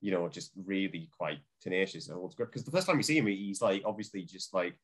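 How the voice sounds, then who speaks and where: A man's voice: deep voice, slightly rough. A man co-hosting a podcast, rambling through film talk with lots of fillers and restarts. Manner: rambling, halting, many fillers. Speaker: podcast co-host. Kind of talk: casual film discussion.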